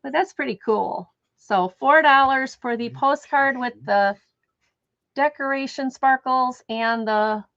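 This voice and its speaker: A chatty woman hosting a live sale, with a fairly high voice. She thinks aloud as she goes. The sound is dull, lo-fi and dry, with no room echo. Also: takes it slowly, creaky, a bit bright. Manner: chatty, thinks aloud while describing items. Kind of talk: casual live sale chat. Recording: dull, dry lo-fi stream audio.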